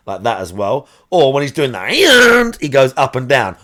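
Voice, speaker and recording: Rambling male game streamer, mid pitch. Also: sing-song, a little fast, few pauses, fairly bright tone. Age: adult parent. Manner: rambling, searches aloud for words. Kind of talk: casual live-stream chat.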